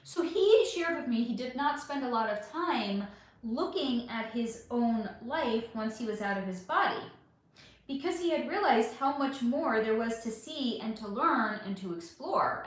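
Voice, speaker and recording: Candid psychic host in a very echoey room. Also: female voice, fairly high pitch, animated, normal speed. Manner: candid and chatty, swears freely. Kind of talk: casual livestream chat, answering viewer comments.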